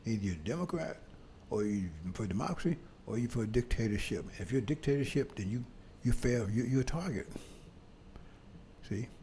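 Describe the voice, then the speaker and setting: A man delivering a sermon in a loose, conversational way, his voice mellow and warm. He keeps checking in with his listeners and restarts his phrases before pressing a point. A faint ambient hum sits behind him. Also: mid-range voice, lively intonation. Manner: conversational, repeats "see?" to the congregation; halting restarts, bursts of emphasis. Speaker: preacher.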